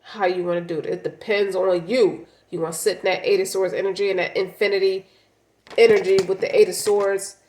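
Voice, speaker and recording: A woman's voice: medium pitch, fairly even intonation, fairly quick, a little mellow, roomy sound, slight background noise. Blunt, profane woman reading tarot. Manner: blunt, profane, speaks as the client's partner. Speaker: tarot reader.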